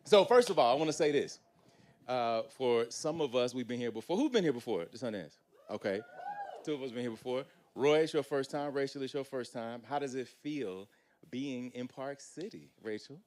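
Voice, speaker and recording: A man's voice: medium pitch, moderate pace, a little hiss or hum. Upbeat man hosting a live panel. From United States. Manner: energetic, preacher-like hype with casual slang. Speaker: panel host. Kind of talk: live panel introductions and moderating.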